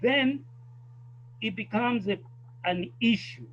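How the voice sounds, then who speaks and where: A man with a South African accent makes his points thoughtfully and with emphasis. His voice is notably high for a man. The sound is muffled and lo-fi, with a faint hum underneath. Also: slow, a bit bright. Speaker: guest. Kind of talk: casual conversation.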